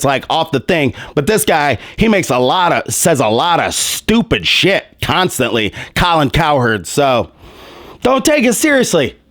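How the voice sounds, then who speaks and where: A man's voice: a little high, a bit bright, no echo, studio quality. A man hosting a sports commentary show, ranting in a heated, mocking, profane way, his voice strained and worn.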